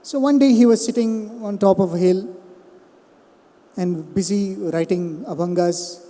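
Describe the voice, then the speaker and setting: A man gives a devotional storytelling talk, often turning to his listeners with questions. His voice is high and very mellow. A long hall reverb trails each phrase. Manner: storytelling, asks the audience questions. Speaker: spiritual speaker. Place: satsang hall.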